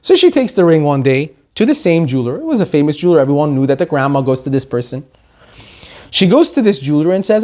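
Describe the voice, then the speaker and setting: A man, a rabbi, telling a story in an animated sermon. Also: fairly high pitch, quick pace.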